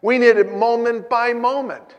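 A man preaching a sermon as pastor, moving between emphatic points and quiet personal storytelling. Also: very high voice, steady tone, moderate pace, in a large hall.

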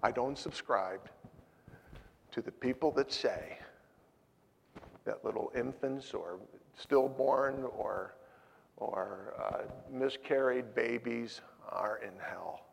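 Older man, preacher, gravelly husky voice, slow delivery, echoing hall. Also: medium pitch, a little hiss or hum. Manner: emotional storytelling, swings from loud to hushed. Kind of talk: sermon. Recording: long hall reverb.

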